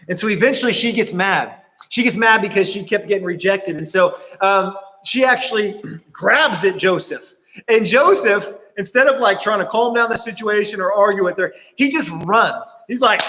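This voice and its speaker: A man's voice: high-pitched, sharp tone. A young man preaching to students as a youth pastor, telling a story in a casual, earnest way with lots of fillers. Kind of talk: youth sermon. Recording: reverberant hall.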